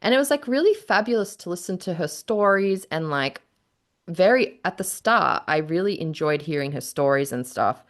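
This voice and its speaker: Low-voiced woman on a podcast mic, chatty and candid, says like a lot, acts out the people in her stories. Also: animated, moderate pace. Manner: candid storytelling, heavy on "like", acts out quotes. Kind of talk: casual chat.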